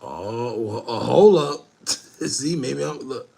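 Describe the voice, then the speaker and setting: A man's voice: medium pitch, expressive, slow, vocal fry, dark tone. A young man, reacting to a video for viewers, breathless, laughing and swearing casually. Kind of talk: casual commentary, talking to viewers.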